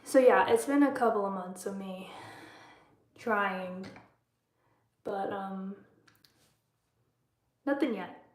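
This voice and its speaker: Slow-talking woman streaming live. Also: medium pitch. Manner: chatty, reads out and answers viewer comments, laughs often. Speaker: livestream host. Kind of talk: casual live-stream chat. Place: room at home, bedtime routine. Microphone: phone livestream. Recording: echoey room.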